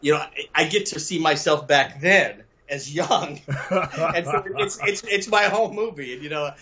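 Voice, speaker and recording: An older man from Mississippi, a guest telling lively stories over a video call and laughing often. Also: on the high side, normal speed. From Southern US, Mississippi. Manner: animated storyteller, laughs often.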